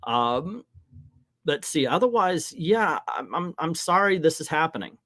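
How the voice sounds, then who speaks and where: A man's voice: on the high side, big pitch swings, unhurried, sharp tone, dry recording, clean studio sound. A middle-aged man hosting a casual livestream, talking in a rambling, frank and hesitant way in front of a green screen. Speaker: livestream host.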